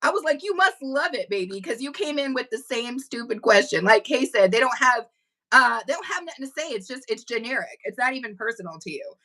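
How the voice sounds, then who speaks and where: A woman's voice: on the high side, animated, a little fast, pushed and bright. Emphatic, hyped woman streamer. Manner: emphatic, blunt and hyped, swears freely. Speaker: livestream host. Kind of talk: casual chat. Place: home livestream setup.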